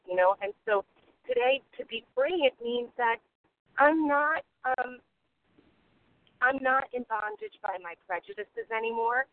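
A woman's voice: mid-range voice, a little hiss or hum. Heartfelt woman sharing over a phone line. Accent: New York. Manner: halting, many ums, heartfelt. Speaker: meeting member sharing. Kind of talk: personal share in a phone meeting.

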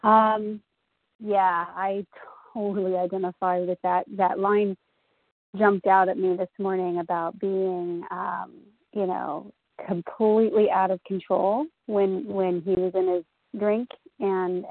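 A woman's voice: mid-range voice, level tone, no room sound. Emotional woman sharing over a phone line. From Southwest Florida. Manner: halting, emotional, many ums. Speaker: meeting member sharing. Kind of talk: personal recovery share.

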